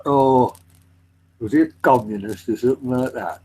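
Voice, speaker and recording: Husky man asking curious questions. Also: medium pitch, moderate pace, rough recording. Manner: asks curious questions in a relaxed way. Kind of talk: casual voice chat.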